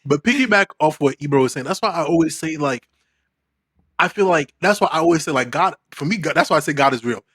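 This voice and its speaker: Husky laid-back young New man. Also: a little high, expressive, quick pace, a bit bright. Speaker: podcast co-host. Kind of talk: casual chat.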